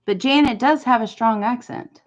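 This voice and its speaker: A woman's voice: a little high, normal speed. Chatty woman streamer, muffled audio. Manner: chatty, answering viewers one by one. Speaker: livestream host. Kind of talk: casual chat.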